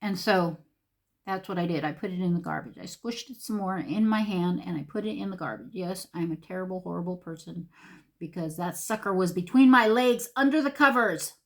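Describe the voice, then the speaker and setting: A woman's voice: lowish voice, a little fast. A middle-aged woman, chatting animatedly and full of fillers while she does her makeup for a get-ready-with-me video. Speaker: beauty vlogger.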